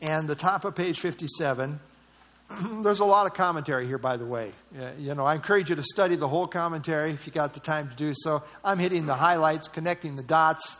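A man's voice: fairly high pitch, a little fast, fairly bright tone. A man teaching a Bible study, reading verses aloud and explaining them in a conversational way, with fillers and restarts.

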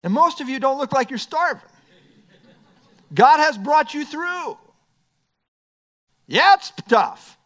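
Man preaching, high voice, very lively pitch, emphatic with quiet asides. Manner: expressive, swings between emphatic and quiet asides; quotes scripture, light humor. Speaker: pastor. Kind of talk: sermon.

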